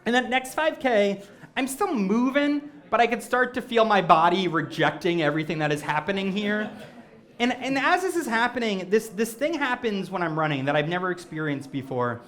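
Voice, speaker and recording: A man performing stand-up storytelling on stage before a live audience, animated and self-mocking. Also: high-pitched, moderate pace. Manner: animated, self-mocking, acts out quoted voices. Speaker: comedic storyteller.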